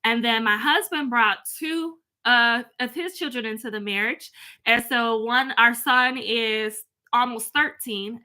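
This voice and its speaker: A woman's voice: on the high side, pushed and bright. A woman, chatting casually from home straight to her viewers and reading out their comments. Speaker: vlogger.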